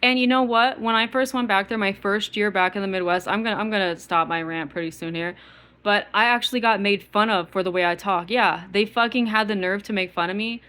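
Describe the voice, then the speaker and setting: A woman's voice: medium pitch, brisk, pushed and bright, clear, resonant tone. A woman with an East Coast American accent rants to her viewers in a loose, casual way. Her talk is bitter and full of swearing, with words repeated and filler likes at every turn. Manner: bitter, profane, repetitive ranting with many filler likes. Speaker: vlogger. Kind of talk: casual rant to camera.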